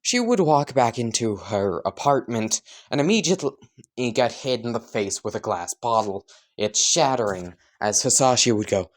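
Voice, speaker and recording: A man's voice: mid-range voice, animated, normal speed. A man casually improvising and narrating a fan story, rambling, joking and correcting himself.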